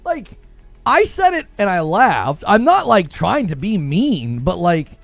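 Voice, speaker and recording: A man's voice: high-pitched, sing-song, takes it slowly, gravelly, no echo, soft background music. A young man hosting a gaming live stream, reading viewer comments aloud in a sarcastic, mocking way and laughing often. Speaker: gaming livestream host.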